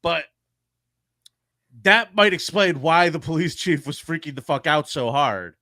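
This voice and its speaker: A man co-hosting a podcast, telling a true-crime story in an animated, profane way. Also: a little high, measured pace, no echo, studio quality. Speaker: podcast co-host.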